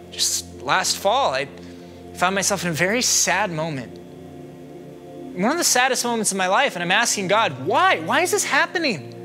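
A man preaching a sermon as a minister, moving from hushed reflection to loud, pleading questions. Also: a little high.

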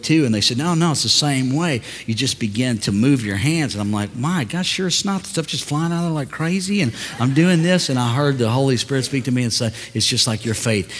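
Older pastor preaching in a reverberant church. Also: male voice, on the low side, a little hiss or hum. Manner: storytelling, swings from quiet asides to loud preaching. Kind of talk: sermon. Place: large church hall.

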